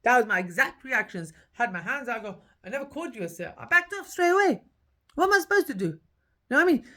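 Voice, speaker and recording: A woman's voice: fairly high pitch, lively intonation, fast talker, sharp tone. A woman, telling her own story in a casual podcast monologue. She talks emphatically, repeats her key points, and acts out the dialogue.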